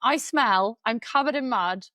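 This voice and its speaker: A woman's voice: a little high, measured pace, bright, forceful tone, no echo. A woman in her forties co-hosting a podcast, telling stories in casual chat and swearing freely. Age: 40s. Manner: chatty storyteller, swears freely. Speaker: podcast co-host.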